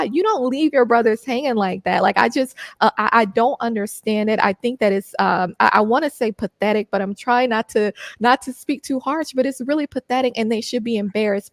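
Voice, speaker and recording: A woman hosting a college football talk show, her voice sitting a little high for a woman. She rants with passion and fills her talk with "you know" and restarts. The sound is close and dry, with no room around it. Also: vocal fry, dry recording. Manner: passionate ranting, many "you know" fillers. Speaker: podcast host.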